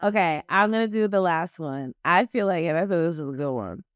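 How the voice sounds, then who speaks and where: A woman hosting a podcast in casual chat, talking with animated, emphatic energy and quick laughs. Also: lowish voice, clean tone, no echo, studio quality. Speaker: podcast host.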